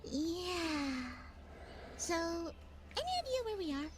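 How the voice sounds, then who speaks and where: Squeaky sarcastic little creature. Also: female voice, sing-song, slow pace, exaggerated voice. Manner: sarcastic, teasing. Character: small chirpy sarcastic female flying creature.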